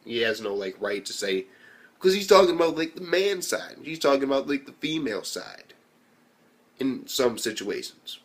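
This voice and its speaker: Animated young man reviewing anime. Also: medium pitch, moderate pace. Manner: animated, swears a lot, acts out quotes.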